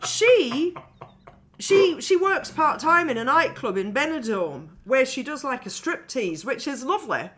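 A woman's voice: sits high, measured pace, background noise. A woman co-hosting a film podcast, chatting casually about films and laughing often as she talks. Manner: animated, laughs often while talking. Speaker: podcast co-host and film critic. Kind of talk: casual film review chat.

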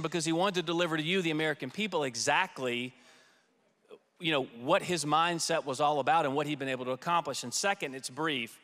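A man on a conference panel, a former White House staffer telling lively anecdotes and acting out quoted voices. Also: a little high. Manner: lively storyteller who acts out quoted voices. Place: conference hall stage. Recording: long hall reverb.

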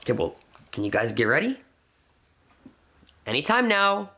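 A man hosting a horror reaction video, talking excitedly, laughing and breaking into startled yells. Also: on the high side, moderate pace.

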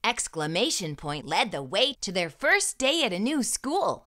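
Animated woman reading to children. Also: medium pitch, a little slow. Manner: animated, sing-song. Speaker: children's storyteller. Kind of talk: picture book read aloud.

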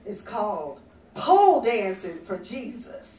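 Warm and medium-pitched, a woman's voice moves a little slowly with big swings in pitch. She's doing stand-up in a comedy club, sassy and conversational as she teases the crowd. The recording is echoey and distant, with faint ambient noise from the club.

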